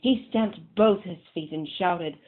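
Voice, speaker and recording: Slow storybook-reading woman. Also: on the low side. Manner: slow, deliberate reading with dramatic pauses. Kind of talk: reading a children's picture book aloud. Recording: tinny phone-like sound.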